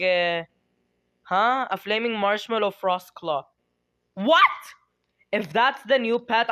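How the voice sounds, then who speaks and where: Giggly, excitable gameplay streamer. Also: mid-range voice, clean tone. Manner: giggly, dramatic self-talk, squeals.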